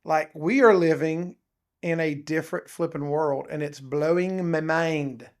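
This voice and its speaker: Gravelly, animated podcast man. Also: on the high side, unhurried. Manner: animated, rambling, says "dude" and "um" often. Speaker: podcast co-host. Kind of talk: casual chat.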